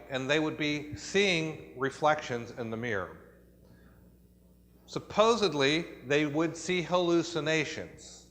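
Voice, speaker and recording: A man's voice: mid-range voice, fairly bright tone. A man with an American accent presenting research at a conference, explaining the procedure step by step with frequent fillers and restarts. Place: conference hall. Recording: long hall reverb.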